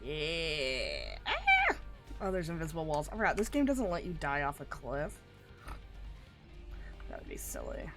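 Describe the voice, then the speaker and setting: A woman's voice: low-pitched, huge pitch swings, moderate pace, pauses often, over loud music. A sick woman streaming a game, chatting and telling rambling stories. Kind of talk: casual gaming stream chat.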